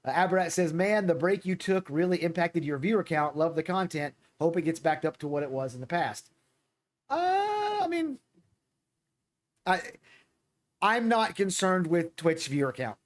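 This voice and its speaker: Man, livestream host, casual chat, halting delivery, repeats words, slightly high pitch. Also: sing-song, a little hiss or hum. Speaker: streamer host.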